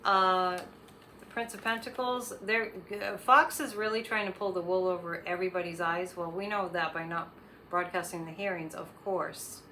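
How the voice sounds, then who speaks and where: Bright-voiced woman giving psychic readings. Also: lowish voice, steady tone, normal speed, a little hiss or hum. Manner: rambling, with frequent fillers and restarts. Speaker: psychic host.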